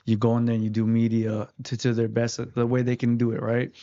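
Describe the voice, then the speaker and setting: A man's voice: medium pitch, monotone, fairly quick, dark tone, highs cut off. A man, an interview guest who fights, telling his story in casual chat with many fillers. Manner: rambling, lots of "like" fillers.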